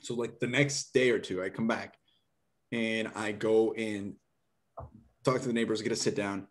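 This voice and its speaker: A young man from Nebraska, a podcast guest, telling an animated, rambling story full of "like" and restarts. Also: fairly low pitch, moderate pace. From Nebraska, USA. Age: young adult. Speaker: podcast guest, door-to-door book seller.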